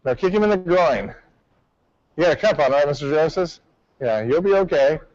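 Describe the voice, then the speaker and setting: Calling out commands and drill counts, a martial arts instructor leads his class a little fast, his high male voice carrying a darkish tone and lively intonation. The recording is dry and slightly muffled, without room echo.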